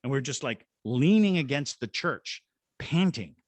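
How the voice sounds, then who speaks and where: Appearing as a guest on a podcast, a middle-aged Georgia man who investigates the paranormal and leads ghost tours tells a story, taking on the voices of its people. He sounds animated, medium-pitched, and moderately paced, with no room sound.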